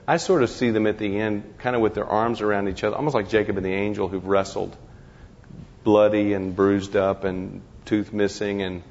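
A man talking through ideas in a reflective discussion, halting and restarting often. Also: on the low side, creaky, long reverb tail, lo-fi sound. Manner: halting, many restarts and repeated words.

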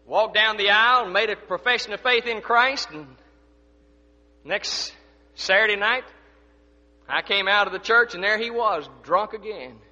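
A man preaching a sermon as pastor, swinging between loud declarations and hushed asides. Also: high voice, measured pace, pauses often, big-room sound, highs cut off.

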